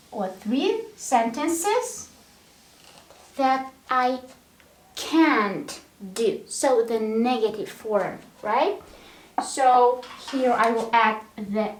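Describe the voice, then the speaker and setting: A woman's voice: a little high, slight background noise. A woman teaching an English grammar lesson, speaking patiently and repeating words one at a time to show the stress. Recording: echoey room.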